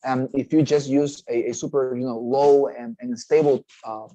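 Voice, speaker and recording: A man's voice: mid-range voice, fairly even intonation, normal speed, mellow, no echo, poor audio. A man teaching a test-preparation lesson, explaining step by step, often checking in with "okay?" and restarting phrases. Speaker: TOEFL teacher. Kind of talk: recorded class lecture.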